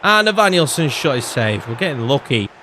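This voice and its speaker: A man's voice: mid-range voice, brisk, a little hiss or hum. A young man, commentating his own football video game and ranting in frustration. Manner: animated, exasperated ranting. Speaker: gaming YouTuber. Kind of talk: gameplay commentary.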